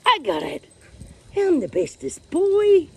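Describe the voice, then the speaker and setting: A woman's voice: extremely high pitch, wildly swooping pitch, takes it slowly, creaky, pitched above the performer's own voice, heavily acted. A woman voicing her proud young male dog, boasting in a playful way. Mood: boastful.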